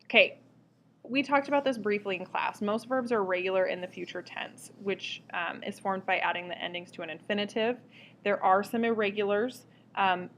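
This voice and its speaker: A woman teaching a recorded grammar lesson, explaining step by step in a clear, patient way. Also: mid-range voice, a little hiss or hum. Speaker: Spanish teacher.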